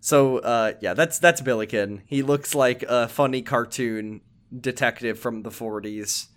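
A man's voice: medium pitch, a little slow. A young man chatting casually as a podcast host while he recaps a game's story. He rambles in a middling voice, full of "um"s and asides. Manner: rambling, many "um"s. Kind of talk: casual game recap chat.

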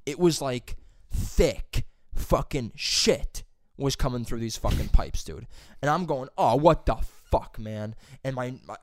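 A man's voice: medium pitch, animated, measured pace, no echo, clean studio sound. A young man telling a rambling, profane work story in casual chat. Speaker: plumber's helper telling a story.

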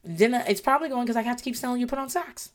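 A woman's voice: a little high, very fast. A woman in her thirties, a parent giving blunt, frank advice in casual chat, with a voice that is wearing out. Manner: blunt, frank, swears freely.

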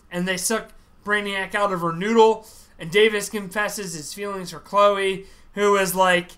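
A man hosting a podcast, recapping a TV series in animated casual chat, acting out quotes as he goes. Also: high-pitched, measured pace.

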